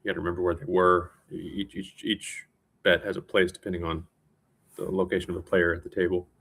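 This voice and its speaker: A tired man talking in a casual, rambling monologue, self-mocking and quick to restart his sentences. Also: sits low, little pitch movement, gravelly, a bit bright, slightly rough. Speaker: vlogger.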